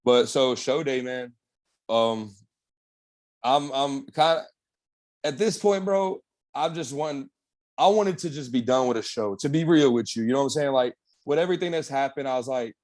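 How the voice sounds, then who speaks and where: A man's voice: mid-range voice, normal speed, a little mellow. A young man, a bodybuilder guest on an interview, telling his story in a laid-back, slangy way with lots of swearing. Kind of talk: casual candid storytelling.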